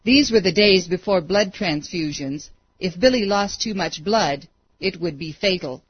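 A woman narrating a story as an audiobook, with steady, dramatic read-aloud pacing. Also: fairly low pitch, measured pace, husky. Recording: dry, dull lo-fi recording.

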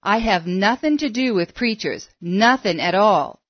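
Storybook reading: woman voicing a gruff young male game warden, curt and defensive, on a dry, dull recording. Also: high-pitched, animated, a little slow, dry recording. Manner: short, rustic, defensive replies.

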